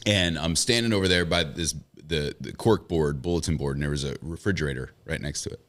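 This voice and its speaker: A man, a radio broadcaster guesting on a casual podcast, telling a story in a lively way with frequent laughter. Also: rumbling low, a little fast.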